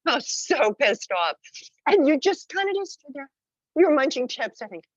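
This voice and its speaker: A woman's voice: sits high, sing-song, normal speed, no echo, dull audio. A woman speaking in an emotional, rambling tribute over a video call, tearful and full of fillers. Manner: gushing, rambling with many fillers. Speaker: friend calling in.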